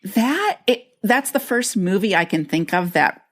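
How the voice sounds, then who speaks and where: A woman's voice: mid-range voice, animated, unhurried. An older woman co-hosting a podcast, recalling a memory in reflective casual chat. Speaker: podcast co-host.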